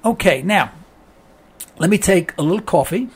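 A man hosting a call-in talk radio show, hoarse with laryngitis, ranting with exasperation and repeating himself. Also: high-pitched, animated, moderate pace.

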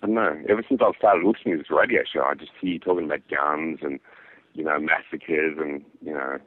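A man's voice: very deep voice, fairly even intonation, brisk, no room sound. An Australian man calling into a radio show, teasing the host in a laid-back way. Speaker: caller. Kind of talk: call-in radio talk. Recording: dry, tinny phone line.

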